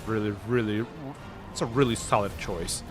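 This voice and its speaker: Speaking at a fairly low pitch and a moderate pace, a man hosts a laid-back game livestream. His chat rambles, full of fillers and restarts, and he laughs easily over the background game music.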